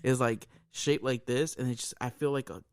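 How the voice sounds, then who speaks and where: A man co-hosting a podcast, telling a story in casual chat, animated and swearing often, with a laugh never far away. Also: mid-range voice, normal speed, no echo, studio quality. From United States. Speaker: podcast co-host.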